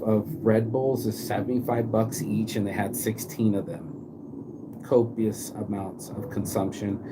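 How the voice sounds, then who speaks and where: Walking outside with his phone, a Bay Area, California man delivers a rambling, motivational live stream full of slang and profanity. His pitch is fairly low, and background noise is present.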